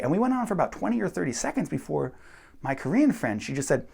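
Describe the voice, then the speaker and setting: A young man talks straight to his audience in a loose, storytelling monologue. His pitch rises and falls freely, and he jumps into the voices of the people he describes with blunt, unfiltered phrasing. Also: quick pace, creaky, husky. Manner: animated, acts out quoted voices, blunt. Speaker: vlogger.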